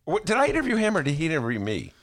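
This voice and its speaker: A man's voice: a little high, very fast. A man hosting a radio talk show, bantering and joking, slipping into impressions. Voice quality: animated, jokey, slips into impressions. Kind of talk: casual on-air banter.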